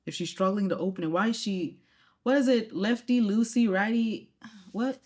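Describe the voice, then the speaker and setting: A woman's voice: medium pitch, lively intonation, a little fast, a little mellow. Playful woman hosting a reaction video. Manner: playful, jokey, chatty asides to viewers. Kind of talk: casual commentary on clips.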